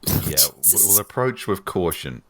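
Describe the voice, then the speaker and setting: A man with a very low but lively voice plays in a comedy tabletop game, firing off dry, teasing quips at the other players. His pitch swings widely even while it stays deep. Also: unhurried, no echo.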